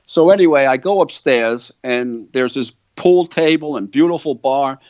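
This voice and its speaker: A man's voice: medium pitch, normal speed, dry recording, muffled recording. Older New man telling stories. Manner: animated storyteller, quoting others' words. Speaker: guitar company founder. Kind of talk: storytelling in an interview.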